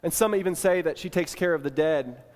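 A man delivers a sermon in a somewhat high voice and draws listeners into a story told in the second person. He drops to near-whispers and then builds to bold emphasis. His voice carries a long, lingering reverb from a large hall. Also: a little fast. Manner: dramatic second-person retelling, swings from hushed to emphatic. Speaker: preacher.

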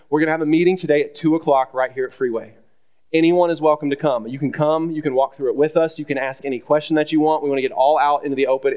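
A male pastor addressing his congregation from the pulpit in a brisk, rushed delivery. His voice sits a little high for a man, and he talks earnestly, stumbling over restarts and tagging "right?" onto his points. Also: darkish tone, muffled recording. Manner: earnest, many fillers and restarts, asks "right?" often. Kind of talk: church announcement from the pulpit. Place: church sanctuary.

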